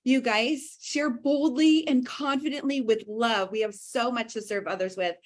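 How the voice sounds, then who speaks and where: A woman in her thirties hosting a livestream, gushing and excitable as she talks to her viewers. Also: fairly high pitch, normal speed. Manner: gushing, excitable, addresses viewers as you guys. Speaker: host.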